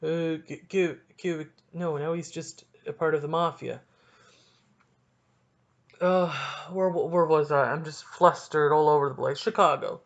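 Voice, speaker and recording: A young man hosting a solo sports podcast, ranting excitably and cutting himself off mid-sentence. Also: a little high, unhurried, gravelly, pauses often, muffled recording. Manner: excitable, ranting, self-interrupting. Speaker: podcast host.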